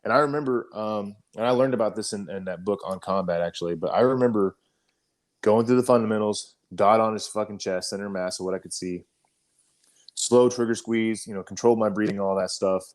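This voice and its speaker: A man with a fairly low voice recounts a combat story on a casual podcast. He talks loosely and swears often, with plenty of "you know" and "um" between his points. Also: fairly quick. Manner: profane, animated storytelling, frequent fillers. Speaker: podcast co-host, army veteran.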